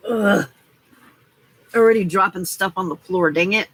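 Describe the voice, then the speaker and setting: A woman hosting a casual live crafting stream, chatty and quick to laugh as she reads out viewer comments. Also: mid-range voice, fairly bright tone, breathy edge, poor audio.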